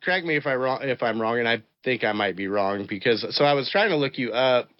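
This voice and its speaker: A man's voice: mid-range voice, animated, fast, dry recording, lo-fi sound. Enthusiastic male podcast host. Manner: enthusiastic, rambling questions. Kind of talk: casual interview chat.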